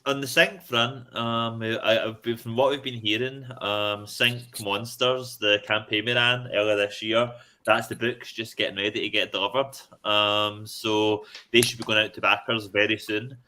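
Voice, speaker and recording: A man talking as a guest in a casual chat over a video call, relaxed and full of ums. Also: lowish voice, moderate pace, hardly any pauses. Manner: relaxed, plain, with many ums. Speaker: guest comics writer.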